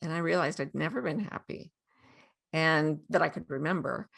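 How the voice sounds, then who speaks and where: A woman's voice: low voice, moderate pace, gravelly. A woman in her sixties, a guest author, telling stories animatedly and laughing often. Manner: animated storyteller, acts out quotes, laughs often. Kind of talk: storytelling interview.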